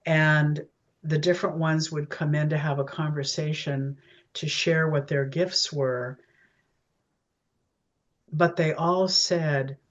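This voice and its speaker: A woman talking in a casual chat as a guest, chatty and often laughing, with many restarts. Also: low voice. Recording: dull lo-fi sound.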